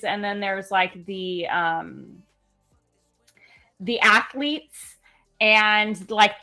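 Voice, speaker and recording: A young woman from California in casual chat, animated and laughing as she tells stories. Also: medium pitch. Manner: chatty and animated, laughs while telling stories. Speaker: stream guest.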